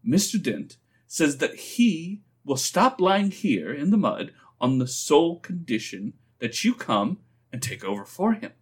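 A man voicing a sly, smooth-talking young man who persuades patiently. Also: on the high side, big pitch swings, a little slow, exaggerated voice.

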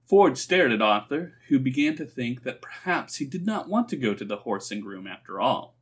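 A man narrating a comic story in an expressive, dry reading style. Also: mid-range voice, moderate pace, slightly rough. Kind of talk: audiobook-style reading for a phone story line.

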